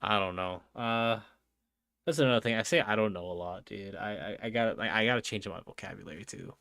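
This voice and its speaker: Young man, livestreamer, lowish voice, dry close sound, rambling, lots of bro and dude. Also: a little fast, vocal fry, fairly bright tone, no room sound. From New Jersey. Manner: rambling, filler-heavy, says bro and dude a lot. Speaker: streamer. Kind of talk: casual livestream chat reading out chat.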